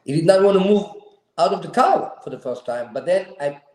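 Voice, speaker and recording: A man hosting a show tells a personal family story with earnest emphasis. His voice sits a bit high yet sounds mellow and relaxed. The sound carries a roomy echo. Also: brisk. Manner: earnest, emphatic, slightly non-standard grammar. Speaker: show host.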